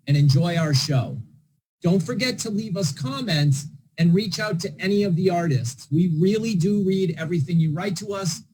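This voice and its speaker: Mellow-voiced man hosting a reading. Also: a little high, a little hiss or hum, rough recording. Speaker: event host introducing readers. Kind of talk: scripted introductions.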